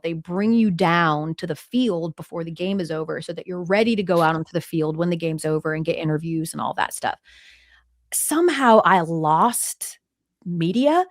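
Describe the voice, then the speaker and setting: Woman sports anchor, podcast guest, animated storyteller, dry close sound. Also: on the low side, no room sound. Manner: lively storyteller, acts out quotes. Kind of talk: casual interview chat.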